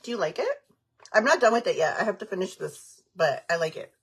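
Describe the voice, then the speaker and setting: Husky woman venting frankly on a livestream. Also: on the low side, animated, brisk. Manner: frank, heated, rambling. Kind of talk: casual livestream chat, answering comments.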